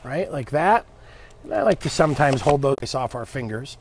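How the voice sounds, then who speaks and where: A man's voice: mid-range voice, animated, normal speed, noisy background. A man hosting a live cooking demo, chatting upbeat with viewers and his helper as he cooks. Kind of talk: live cooking stream, casual chat.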